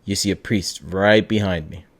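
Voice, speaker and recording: Excitable young man hosting a chat. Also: low voice, moderate pace. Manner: excitable, swears a lot, trails off. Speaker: podcast host. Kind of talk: casual chat.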